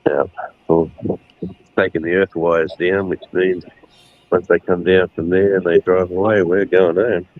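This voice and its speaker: A man's voice: low-pitched, level tone, unhurried, no echo, phone-quality sound. A middle-aged man, chatting casually on a livestream and retelling scenes with laughs. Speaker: livestream co-host. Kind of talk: casual chat.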